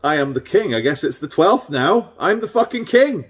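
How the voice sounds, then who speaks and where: A man's voice: on the high side, big pitch swings, normal speed, voice pushed up. A man putting on a mocking impression of a fussy, flustered aging king with a plummy, petulant manner. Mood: indignant.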